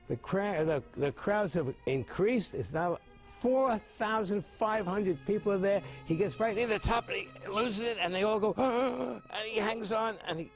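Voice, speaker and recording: Man in his seventies telling stories. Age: 70s. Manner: animated storytelling with big pitch jumps. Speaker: mime and storyteller. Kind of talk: telling jokes and explaining mime.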